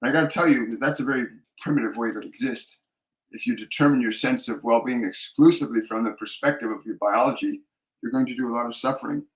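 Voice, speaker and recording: A psychic medium hosting a live spiritual talk, answering viewer questions in a measured way and repeating key phrases for emphasis. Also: male voice, mid-range voice, roomy sound, poor audio.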